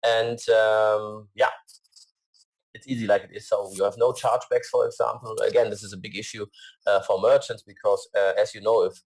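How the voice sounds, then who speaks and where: Halting man presenting slides, low voice. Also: steady tone, poor audio. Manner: hesitant, many fillers and restarts; earnest.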